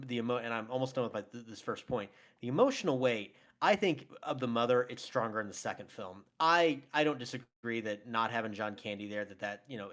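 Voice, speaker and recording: A co-host of a film podcast chats enthusiastically in a casual film debate, laughing often and using lots of fillers. His voice is mid-range and a bit bright.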